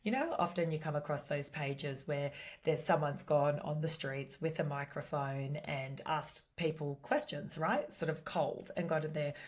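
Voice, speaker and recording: Chatty low-voiced Australian woman. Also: measured pace, few pauses. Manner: chatty, animated, lots of "you know" and "like". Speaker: podcast host. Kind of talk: casual solo podcast chat.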